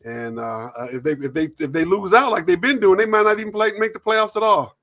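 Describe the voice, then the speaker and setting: A man with a slightly high, somewhat bright voice hosts a loose live sports talk show. He rambles and restarts, filling pauses with "uh."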